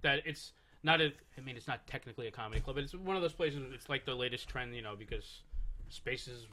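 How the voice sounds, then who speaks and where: A man's voice: mid-range voice, fast talker, a little hiss or hum. A man who is a guest comedian, telling stories and joking in a casual podcast chat. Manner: animated, storytelling, joking.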